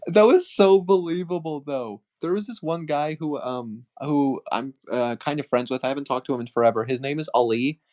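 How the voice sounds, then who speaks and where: A man's voice: fairly high pitch, moderate pace, hardly any pauses, a little mellow. A young man chatting casually with a friend on stream, rambling through a story and giggling often.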